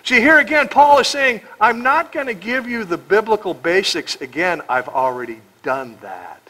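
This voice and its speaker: Emphatic, sarcastic American pastor, bright voice. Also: male voice, sits high, animated, normal speed, low-quality recording. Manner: sarcastic, emphatic, rhetorical questions. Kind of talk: expository sermon.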